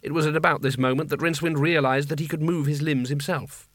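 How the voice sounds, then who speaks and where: A man's voice: a little high, fairly even intonation, fast, dry recording. A man narrating a comic fantasy audiobook in a dry, wry storytelling manner. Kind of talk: scripted narration.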